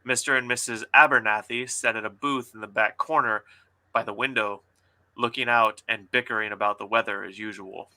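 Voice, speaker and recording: A man hosting a casual book critique show, reading passages aloud and joking with playful dramatic pauses. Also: on the low side, steady tone, sharp tone.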